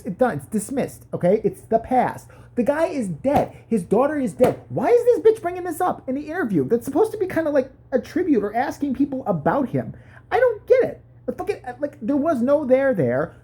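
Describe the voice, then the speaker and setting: A woman's voice: mid-range voice, dark tone, husky. A woman delivering a crude, rambling comedy rant, full of profanity and swinging between mutters and outbursts. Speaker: commentary vlogger.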